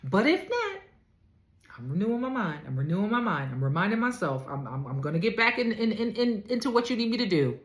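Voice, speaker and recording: A woman voicing a troubled man praying in anguish, in a halting, pleading way, in an echoey room. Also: mid-range voice, very animated, close to an everyday voice. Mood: shaken.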